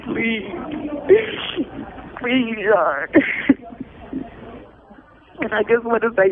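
A high-voiced, exhausted man pleads for help over a thin, tinny phone line. His words come out weary and begging, broken by nervous laughs. A faint hiss sits under the call. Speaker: person pleading for public support. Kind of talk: emotional spoken appeal.

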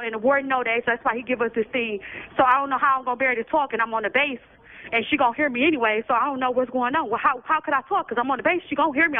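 A woman in prison calling in by phone, giving an urgent, agitated commentary with lots of repetition. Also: sits high. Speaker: incarcerated person calling in. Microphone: prison telephone. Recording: tinny phone line.

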